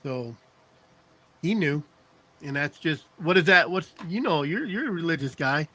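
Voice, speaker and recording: With a fairly high, expressive, sharp-toned voice and a measured pace, this middle-aged man co-hosts a podcast. He laughs a lot, rambles through his stories in easy conversation, and keeps asking "you know what I mean".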